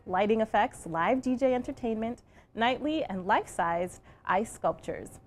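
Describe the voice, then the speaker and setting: A woman hosting a local TV show, reading scripted segments and interviewing guests in a bright, upbeat way. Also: fairly high pitch. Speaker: TV show host.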